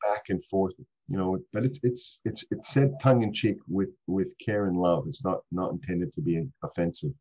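A man's voice: sits low, moderate pace, few pauses, mellow, breathy edge, lo-fi sound. A man with a Canadian accent, a guest on a podcast interview, talking in a cheery, chatty way over a video call and laughing often. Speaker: guest, clean tech executive. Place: home in Brisbane.

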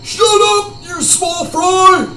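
A man shouting as a stern old kung fu master. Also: very high-pitched, fairly even intonation, takes it slowly, faint music behind, voice pushed up, heavily acted. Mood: scolding. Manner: scolding, shouting. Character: stern old male martial arts master. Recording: echoey room, distant mic.

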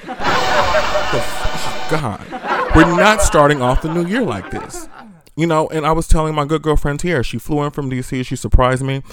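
A man's voice: on the high side, expressive, brisk, over loud music. Profane, laughing male radio host. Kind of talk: casual monologue.

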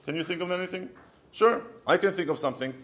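A man's voice: high voice, fast. A middle-aged man with an Israeli accent giving a short, conversational advice talk, asking rhetorical questions with light humor. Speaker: marriage counselor.

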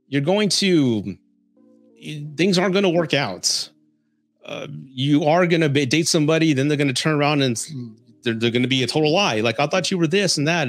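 A podcast host from San Antonio, Texas, US, tells dating stories and offers advice in a casual way, chuckling often. His voice is fairly high-pitched, and the recording is dry.

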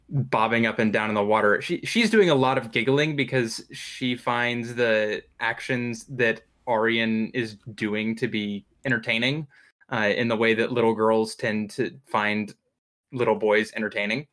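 A man's voice: on the low side, fairly even intonation, measured pace, a bit bright. A man narrating a tabletop role-playing game as game master, in a loose, descriptive way with frequent fillers.

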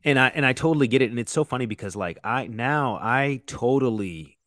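Loose, profane chef telling kitchen stories. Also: male voice, medium pitch, expressive, a little fast, fairly bright tone, dry recording, studio quality. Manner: loose, profane, full of "like" and "you know". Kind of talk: casual storytelling chat.

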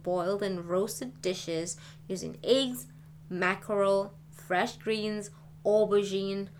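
A woman calmly reading a novel aloud in a measured way. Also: mid-range voice, a little hiss or hum. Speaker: reader.

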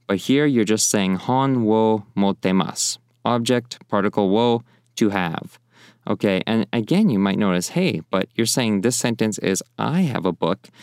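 A man with a lowish, smooth voice gives a casual language lesson. He rambles between points and slows down to repeat example phrases. The sound is close and dry. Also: darkish tone, dry recording. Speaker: language teacher.

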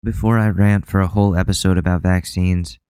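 A man's voice: deep voice, steady tone, fairly quick, dark tone, clean tone, dry recording. A man hosting a solo podcast, talking bluntly and sarcastically with plenty of swearing. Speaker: podcast host.

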